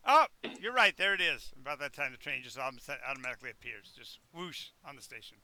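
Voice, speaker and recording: A man running a tabletop role-playing game, narrating the scene in a lively, energetic way. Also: medium pitch, fast, a little hiss or hum. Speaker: game master.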